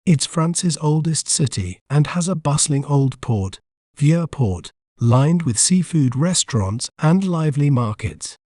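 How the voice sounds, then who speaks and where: A man hosting a pronunciation channel, giving scripted educational narration in an even, explanatory way and breaking words into syllables. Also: on the high side, unhurried, no room sound, clean studio sound.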